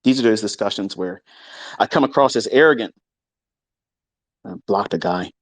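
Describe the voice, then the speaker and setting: Hosting a live audio room, this man delivers a heated, casual rant full of swearing, taunts and boasts. He alternates loud outbursts with low muttering at a moderate pace, and there's no echo.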